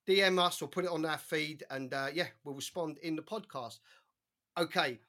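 A man co-hosting a boxing podcast, talking in an animated, slangy way with plenty of swearing. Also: on the high side, moderate pace. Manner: animated, swearing, slangy, quotes others in put-on voices. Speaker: podcast co-host. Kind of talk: casual podcast chat.

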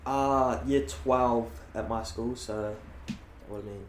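A man's voice: mid-range voice, fairly even intonation, slow. A young man in his late teens with a New Zealand accent, chatting casually as a guest and telling stories with lots of filler words. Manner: laid-back, heavy filler words. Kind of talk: casual chat. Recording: echoey room with faint hiss.

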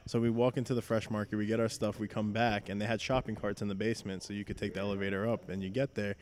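Excitable young man telling a story. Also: on the low side, fast. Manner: excitable, laughing, lots of fillers. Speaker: podcast guest. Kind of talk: casual storytelling chat.

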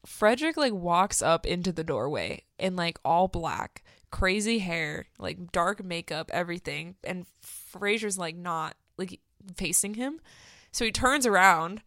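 A woman co-hosting a podcast, casually recapping a sitcom episode, animated and quick to laugh. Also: lowish voice, dry recording, studio quality. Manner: animated, laughs often, acts out character quotes. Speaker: podcast co-host.

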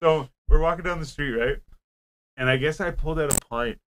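A man's voice: on the high side, fairly quick, poor audio. A young man, telling stories in a rambling casual chat with friends, packing his talk with filler words and swearing. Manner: rambling storytelling, heavy "like" filler, frequent swearing.

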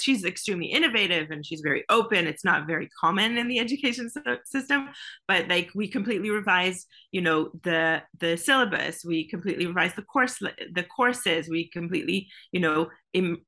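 A woman's voice: lowish voice, pushed and bright. A woman being interviewed as a podcast guest, speaking earnestly in casual talk with lots of "you know.". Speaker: podcast guest, product executive.

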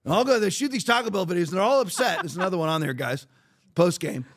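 A man's voice: high voice, fast, a bit bright. A man hosting a podcast, giving blunt, emphatic and mocking commentary. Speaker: podcast host.

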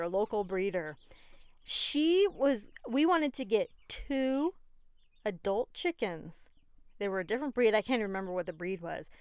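A woman's voice: medium pitch, clear, resonant tone, no echo. A woman hosting a podcast in a casual, rambling, chatty way, with frequent fillers and laughs. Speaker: podcast host. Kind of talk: casual chat.

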